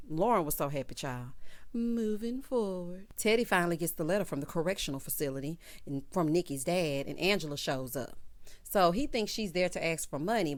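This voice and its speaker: A woman recapping a TV episode in a sassy, chatty way, talking straight to her viewers. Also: sits low. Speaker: TV recap vlogger. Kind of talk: casual episode recap commentary.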